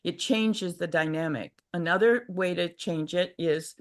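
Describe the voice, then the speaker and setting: Older woman teaching gently on a video call. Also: fairly low pitch, unhurried. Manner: reflective, gentle, many restarts and acted inner voices. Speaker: workshop speaker. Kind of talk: casual teaching talk. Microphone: video call mic.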